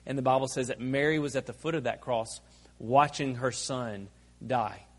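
A man preaching a sermon, earnest and steady, driving his points home with strings of rhetorical questions. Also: mid-range voice, normal speed.

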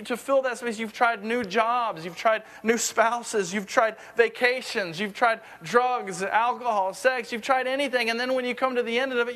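High-voiced man preaching a sermon. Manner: earnest, drops to a hushed low voice for emphasis; repeats words as he gathers thoughts. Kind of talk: conversational sermon.

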